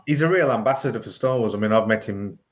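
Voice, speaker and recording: A man co-hosts a podcast, talking like a chatty storyteller who laughs easily. His voice is a bit low, and it comes through on a dull, lo-fi recording. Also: fast talker. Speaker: podcast co-host. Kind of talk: casual chat. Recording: dull lo-fi sound.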